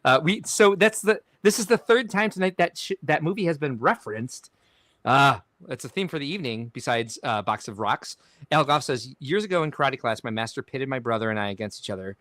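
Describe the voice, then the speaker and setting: A man's voice: mid-range voice, expressive, fairly quick, fairly bright tone, no echo, clean studio sound. A middle-aged man co-hosting a livestream podcast in casual chat. He reads viewer comments aloud and jokes around them. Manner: jokey, laughing, reads comments aloud with asides.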